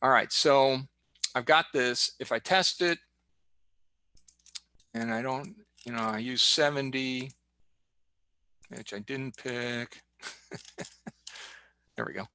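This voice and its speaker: A man's voice: mid-range voice, slow pace, long pauses, sharp tone, dry recording. A man giving a casual screen-share tutorial as guest expert on a video call, chatty and joking as he clicks through steps. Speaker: guest expert demonstrating software.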